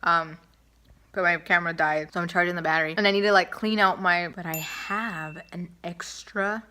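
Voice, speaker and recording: A woman's voice: fairly low pitch, steady tone, normal speed, sharp tone. A young woman vlogging at home into her camera, chatting casually and rambling, often repeating herself. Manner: chatty and repetitive, self-talk to camera. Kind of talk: casual rambling vlog talk.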